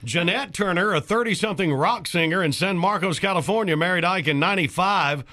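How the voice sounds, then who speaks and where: A man's voice: high voice, a little fast, sharp tone, voice pushed up. An older man doing a brash impression of an older male rock singer in a comedy sketch, with a jokey, gossipy delivery.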